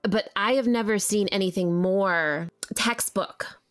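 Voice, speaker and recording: A woman's voice: mid-range voice, measured pace. A woman co-hosting a podcast, chatty, with blunt asides in casual conversation. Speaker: podcast co-host. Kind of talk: casual chat.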